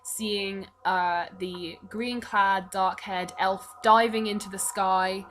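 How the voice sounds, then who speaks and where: A woman's voice: mid-range voice, steady tone, takes it slowly, fairly bright tone, slight background noise. A woman narrating a tabletop game as game master in a casual, descriptive way.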